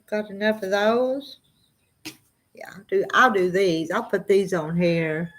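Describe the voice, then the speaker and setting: A woman's voice: mid-range voice, steady tone. A middle-aged woman with a Southern drawl, chatting casually with viewers on a live stream and reading out their comments. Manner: slow drawling, chatty, often laughs. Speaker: farm vlogger answering live chat.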